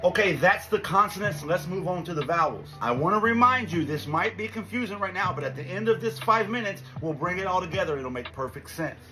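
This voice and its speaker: A man giving a quick language lesson, reassuring and encouraging as he explains. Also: high voice, animated, poor audio. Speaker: language teacher. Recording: music playing behind.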